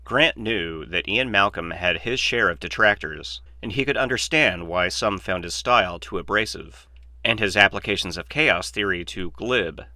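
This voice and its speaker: An audiobook narrator reads a novel aloud in a steady, measured manner. His voice is low-pitched, and the clean studio sound has no room echo.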